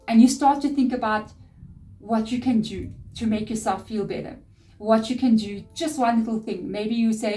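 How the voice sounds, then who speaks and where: A woman's voice: a little high, fairly even intonation, normal speed, dark tone. A middle-aged woman reading tarot, giving spiritual advice in an earnest, emphatic way with lots of repetition. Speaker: tarot reader. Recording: distant mic with faint background music.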